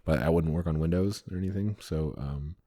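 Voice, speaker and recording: Very low-voiced man in casual tech chat. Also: fairly quick, warm tone. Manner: casual, swears, rambling with restarts. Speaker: podcast co-host, developer.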